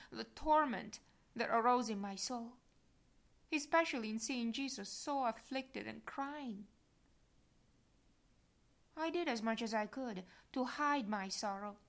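A woman reads a devotional diary aloud in a solemn, measured manner. Her voice sits fairly high. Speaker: reader.

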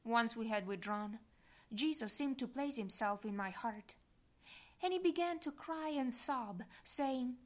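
A woman reads a devotional diary aloud in a solemn, measured manner. Her voice sits fairly high. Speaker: reader.

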